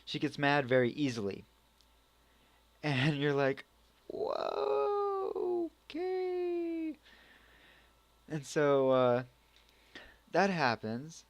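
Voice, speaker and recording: A man's voice: medium pitch, slow pace, pauses often, no room sound. A man giving a casual spoken anime review, rambling with many restarts. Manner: rambling, full of restarts and acted reactions.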